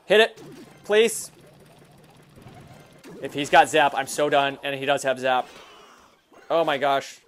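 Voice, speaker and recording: A young man giving excitable, hyper commentary over a mobile game he is playing, often jumping into loud shouts. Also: mid-range voice. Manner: excitable and hyper, quick swings into yelling. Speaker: mobile game video host. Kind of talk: live gameplay commentary.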